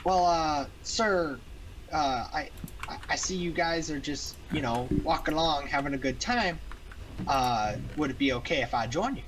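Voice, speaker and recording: A man's voice: on the high side, animated, normal speed, background noise, close to an everyday voice. A man voicing a homeless male chicken in a told story, speaking hesitantly and very politely. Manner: hesitant, stammering, overly polite.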